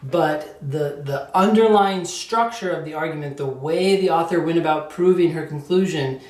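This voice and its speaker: A man's voice: fairly high pitch, normal speed, a little mellow. A man teaching a test prep lesson in a conversational way, often checking in with his listeners. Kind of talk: casual explanatory lecture. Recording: roomy echo, distant mic.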